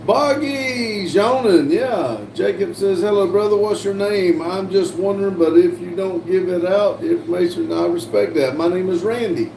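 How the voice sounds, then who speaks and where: A man's voice: high-pitched, fairly even intonation, normal speed, gravelly, few pauses, warm tone. An older man, hosting a casual livestream, reading viewer chat aloud with many fillers and restarts. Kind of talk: casual live-stream chat. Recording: echoey room, voice from a distance, faint hum.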